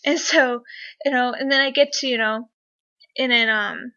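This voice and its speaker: A young woman vlogger telling a story casually, rambling and excitable, full of fillers. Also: sits high, moderate pace. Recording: dull lo-fi webcam audio.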